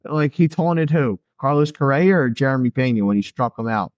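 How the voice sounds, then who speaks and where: A male podcast co-host chats casually about sports and tells stories with energy, often acting out what players said. His voice sits at a middle pitch. The recording is dry and a little dull. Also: moderate pace, no room sound. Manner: animated storyteller, acts out players' lines.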